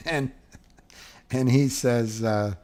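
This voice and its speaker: A middle-aged man hosting a livestream, chatting casually and rambling through viewer comments with frequent chuckles. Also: medium pitch. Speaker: livestream host.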